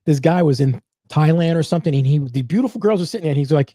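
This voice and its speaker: A man's voice: a little high, very fast, mellow, no room sound, studio quality. A man with a New Jersey accent, co-hosting a livestream, who reads viewer comments aloud and chimes in with short replies. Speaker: co-host reading viewer comments. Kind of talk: casual livestream chat.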